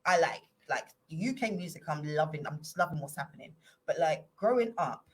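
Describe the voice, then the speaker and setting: A woman's voice: low voice, expressive, fairly quick, husky, rough recording. Chatty English woman guest, playful. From England. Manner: chatty, playful, slips into put-on accents. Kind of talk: casual chat.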